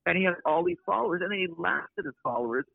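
A man guest on a podcast, talking in a blunt, opinionated, rambling way, with a gravelly, husky voice. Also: sits high, huge pitch swings, rapid-fire, no echo. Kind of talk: casual podcast conversation. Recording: dry, tinny phone-like line.

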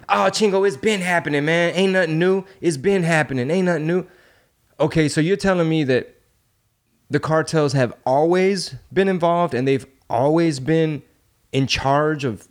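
A man's voice: medium pitch, darkish tone. A man hosting a podcast, talking bluntly and heatedly with lots of swearing and rhetorical questions. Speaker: podcast host. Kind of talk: casual opinionated chat.

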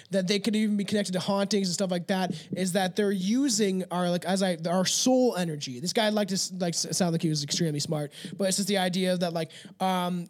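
A man hosting a casual podcast, reading passages aloud and stumbling over long words, with a loose and profane way of talking. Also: high voice. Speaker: podcast host.

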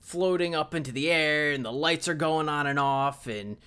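A man's voice: a little high, moderate pace, bright, forceful tone, smooth. A man co-hosting a podcast, casually retelling a movie's plot with filler words. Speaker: podcast co-host.

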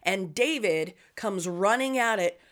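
A woman's voice: mid-range voice, measured pace. A woman telling a story in casual chat, swearing a lot and acting out the voices of the people in it. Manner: profane, animated storytelling; acts out quoted voices.

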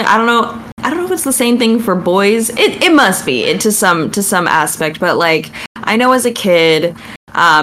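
A woman who is an actress, chatting as a podcast guest, bubbly and quick to exclaim. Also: mid-range voice, fairly bright tone, slight background noise. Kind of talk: casual podcast chat.

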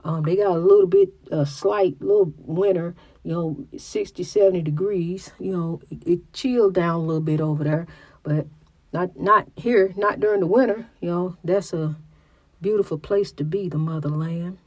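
A woman's voice: fairly low pitch, moderate pace, darkish tone, no echo. A middle-aged woman with a country way of talking and a slight stutter, giving a preachy religious testimony and often restarting her words. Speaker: mother.

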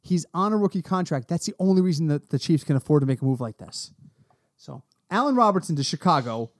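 A man co-hosting a casual fantasy football podcast, animated and quick to exclaim, a little tipsy from drinking. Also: fairly high pitch. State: has been drinking. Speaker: podcast co-host.

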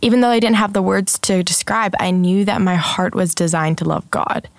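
A woman's voice: mid-range voice, normal speed, no echo. A young woman, a guest in a casual interview, telling stories animatedly and acting out the voices of others. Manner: animated, acts out quotes, frequent "like".

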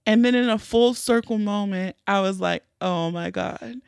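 A woman hosting a podcast, telling a personal story in a candid, animated way with plenty of swearing. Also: mid-range voice, normal speed, vocal fry, clear, resonant tone, no echo, studio quality. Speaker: podcast host. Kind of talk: casual storytelling.

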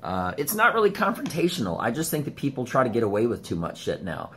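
A man's voice: quick pace, slight background noise. A man vlogging from a room in his home on his phone, rambling in casual talk with lots of swearing and sudden jumps in his voice. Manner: profane, rambling, animated swings in pitch. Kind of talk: casual ranting monologue. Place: home studio room, indoors. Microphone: phone camera.

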